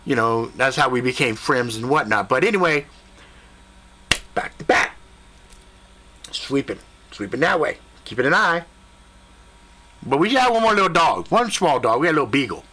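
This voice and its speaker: A man telling a comic story in an animated, profane way, jumping into voices and sound effects. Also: mid-range voice, moderate pace, long pauses, a little hiss or hum. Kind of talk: comedic spoken storytelling.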